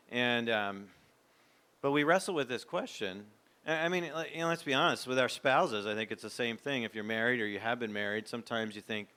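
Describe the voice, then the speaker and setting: A man's voice: medium pitch, fairly quick, bright, forceful tone, smooth. A man in his fifties, a former pastor, giving a candid, reflective, conversational talk to a men's gathering.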